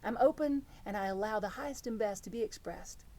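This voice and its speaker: A middle-aged woman preaching a sermon as reverend, telling stories in an earnest, animated way. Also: mid-range voice, brisk. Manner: storytelling, earnest and animated, with many restarts.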